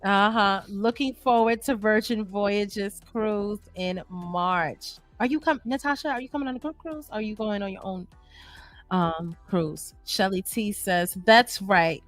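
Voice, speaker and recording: A woman from New York co-hosting a casual livestream, reading viewer comments aloud and chatting in an animated, laughing way. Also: mid-range voice, faint music behind. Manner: animated, laughs often, drawn-out emphasis. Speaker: livestream co-host reading chat. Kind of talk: casual chat.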